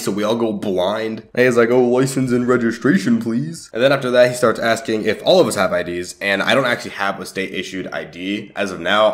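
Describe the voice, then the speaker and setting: Here a teenage YouTube storyteller wanders through his own life story for the camera. It's casual and profanity-heavy, delivered with big ups and downs in pitch.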